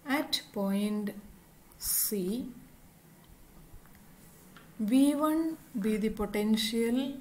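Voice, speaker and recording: A woman's voice: a little high, dark tone, rough recording. A woman teaching physics, explaining a derivation step by step and spelling out each term and symbol. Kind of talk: slow, step-by-step lecture.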